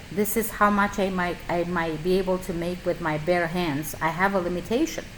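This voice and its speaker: Animated middle-aged immigrant woman, emphatic. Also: lowish voice, a little hiss or hum, rough recording. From a communist country. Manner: animated, emphatic, slightly non-native grammar. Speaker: esthetician and skincare business owner. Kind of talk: casual storytelling advice.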